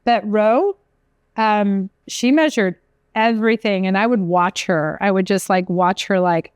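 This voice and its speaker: Woman chef, podcast co-host, chatty rambling storyteller, smooth crisp voice, dry close mic. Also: mid-range voice, moderate pace, no room sound, dull audio. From from an Italian American family. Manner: chatty, animated storyteller, trails off mid-sentence. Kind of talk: casual chat.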